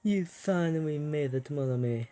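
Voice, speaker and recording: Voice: medium pitch, expressive, moderate pace, warm tone, close to an everyday voice. A player putting on a put-on French accent to voice a flamboyant woman gym leader in broken, grandiose English during game commentary.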